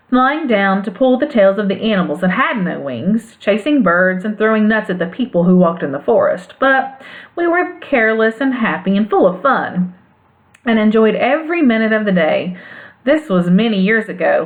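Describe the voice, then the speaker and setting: A woman's voice: mid-range voice, close to an everyday voice. A woman reading a storybook, voicing a courtly male winged monkey king telling a tale. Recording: phone-like narrow band sound.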